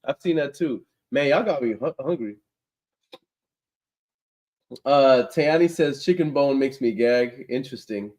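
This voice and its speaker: Slow-talking young man reading his chat. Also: mid-range voice, a little mellow. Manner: slangy, laughs often, reacts to chat comments. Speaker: livestream host reading chat. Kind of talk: casual livestream chat.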